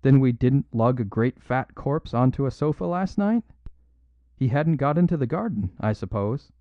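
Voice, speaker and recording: A man's voice: medium pitch, lively intonation, normal speed, dry recording, lightly acted. A man reading an audiobook, voicing a man who taunts with sarcasm. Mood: taunting. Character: mocking male guest, loud and taunting. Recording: dull lo-fi dry recording.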